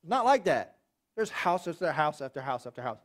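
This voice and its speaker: Pastor, high voice, lively story-driven sermon. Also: male voice, normal speed. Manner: animated storytelling with acted voices. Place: church.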